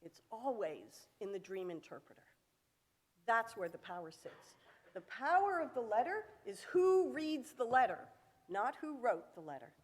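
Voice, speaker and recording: A woman giving a sermon in a synagogue sanctuary, telling a story with vivid acted-out quotes and rhetorical questions. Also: on the high side. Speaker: sermon speaker. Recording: echoey hall.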